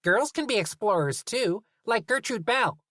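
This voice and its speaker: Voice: mid-range voice, lively intonation, measured pace, fairly bright tone, no room sound, clean studio sound, pitched above the performer's own voice. A reader voicing a blunt, scowling young girl in an audiobook. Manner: sullen and blunt. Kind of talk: audiobook character voice.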